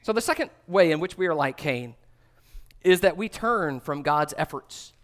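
High-voiced earnest man preaching a sermon. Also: measured pace. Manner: earnest, drops to a hushed voice for emphasis. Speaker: pastor.

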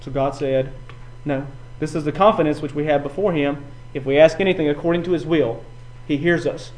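A man preaching a sermon, building from quiet passages to loud, emphatic runs and often repeating his words. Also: on the high side, brisk, poor audio. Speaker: pastor.

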